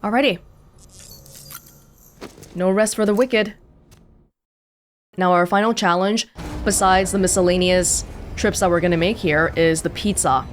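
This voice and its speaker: A woman's voice: lowish voice, fairly even intonation, unhurried, long pauses, a little hiss or hum. Woman hosting a let's play, casual, talks through choices. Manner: chatty, thinking aloud. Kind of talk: casual gameplay commentary.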